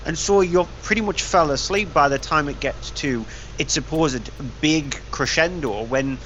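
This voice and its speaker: A man's voice: fairly high pitch, a little slow, fairly bright tone. A man co-hosting a film review show, blunt and dismissive in his criticism. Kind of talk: casual film review chat. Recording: dull lo-fi recording, faint hiss.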